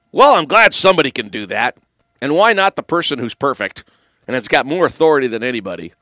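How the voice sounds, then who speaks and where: A man's voice: medium pitch, big pitch swings, fairly quick, pushed and bright, no room sound, studio quality. A man hosting a call-in talk radio show, emphatic and opinionated with sardonic asides.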